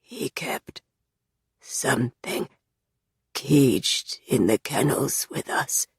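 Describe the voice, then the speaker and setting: A woman reading an audiobook, voicing a tormented young male captive in a low, raspy, monotonous half-whisper. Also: extremely slow, dry recording, clean studio sound, exaggerated voice. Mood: haunted. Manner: monotonous, hushed. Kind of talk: audiobook character voice.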